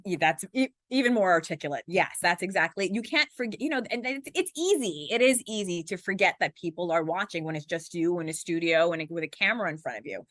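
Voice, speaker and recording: A woman in her forties talks fast and lively as an interview guest, jumping into little acted-out scenes. Her voice sits a bit low. The sound is dry and close, with almost no room around it. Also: no echo. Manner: fast-talking, animated, acts out little scenes. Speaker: TV journalist and guest. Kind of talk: conversational interview.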